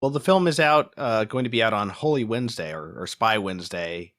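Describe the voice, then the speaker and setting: A man's voice: fairly low pitch, animated, fairly quick, fairly bright tone. A man co-hosting a film review podcast in casual chat, rambling with lots of filler words. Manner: rambling, lots of "like" and "you know". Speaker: podcast co-host.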